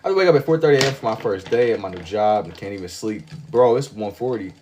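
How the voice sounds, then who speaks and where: Background noise sits under this lowish, animated voice as the man talks fast while drawing on his stream. Though sleepy, he rambles on in a slangy drawl, repeating himself often.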